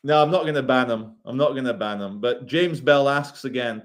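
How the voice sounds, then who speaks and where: A man on a casual livestream reading chat aloud, rambling and swearing with quick asides. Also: medium pitch.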